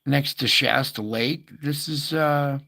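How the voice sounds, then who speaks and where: A man's voice: fairly high pitch, slow pace, creaky, sharp tone. A man hosting a casual earthquake update, thinking aloud over maps with many fillers and asides. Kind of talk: casual screen-share commentary.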